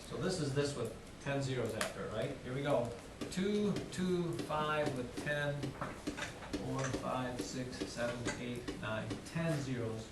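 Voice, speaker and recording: A male teacher working through a math problem aloud with his class, counting digits slowly and teasing the students. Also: medium pitch. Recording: echoey classroom from far off, loud noise.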